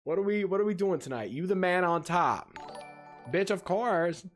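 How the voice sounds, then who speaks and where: A male livestream host with a somewhat high voice chats casually with his audience. He is animated and teasing, and his pitch leaps upward as he greets viewers. He laughs often as he goes. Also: moderate pace, faint music behind. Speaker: livestream host reacting to videos.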